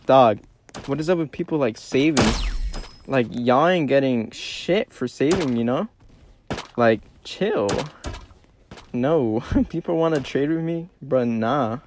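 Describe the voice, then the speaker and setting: Young male gamer, mid-pitched, slangy trash talk, faint noise in the background. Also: takes it slowly. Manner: slangy, excitable, trash-talking other players. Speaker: gaming video creator. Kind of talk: casual gameplay commentary.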